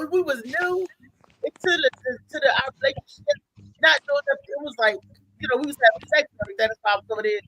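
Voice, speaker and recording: A woman's voice: high-pitched, fairly bright tone, poor audio. A woman co-host animatedly telling a story in casual chat, laughing as she goes.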